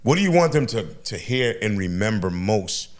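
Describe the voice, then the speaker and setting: A man's voice: fairly low pitch, sing-song, moderate pace. A man teacher interviewing students in a casual, encouraging way, laughing often.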